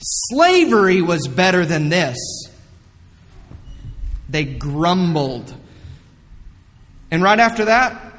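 High-voiced man preaching in a reverberant hall. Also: very slow, pauses often, a bit bright. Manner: earnest, emphatic preaching with dramatic retellings. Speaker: pastor. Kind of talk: sermon.

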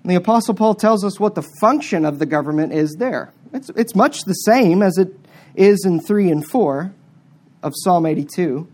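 A preacher gives an emphatic, expressive sermon at a moderate pace and a middle pitch. His delivery swings sharply between hard-stressed words and quiet asides.

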